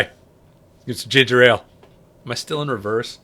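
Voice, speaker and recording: A man, talking loosely on a livestream. His voice is bright and forward, and he keeps up easy jokes as he tells stories while working the controls. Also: mid-range voice, moderate pace. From United States. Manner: chatty storyteller, joking while flying. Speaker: livestream host and pilot. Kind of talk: casual livestream chat.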